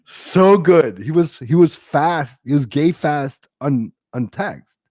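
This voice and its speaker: A man's voice: fairly high pitch, expressive, takes it slowly, darkish tone, no room sound, studio quality. A middle-aged man doing a loose, crude stand-up set over a video call, riffing on comments typed by his audience. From Filipino-American. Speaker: stand-up comedian. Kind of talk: stand-up set on a virtual comedy show.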